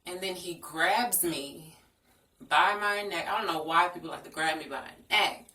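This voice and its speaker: A woman's voice: lowish voice, moderate pace, pushed and bright. A young woman telling a personal story in a frank, earnest storytime vlog. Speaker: vlogger. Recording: echoey room, distant from the mic.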